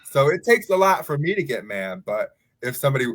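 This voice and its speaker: A young man chatting on a podcast, his voice in a middle register. He tells lively stories with quick asides and laughs often. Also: mid-range voice. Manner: animated storyteller, laughs often. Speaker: podcast co-host. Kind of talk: casual chat.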